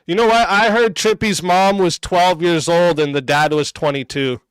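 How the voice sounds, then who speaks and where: Foul-mouthed guy streamer mocking chat, kinda high voice, super clean and dry sound. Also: steady tone, normal speed, clear, resonant tone, dry recording. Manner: crude, combative, mocking. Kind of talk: livestream commentary.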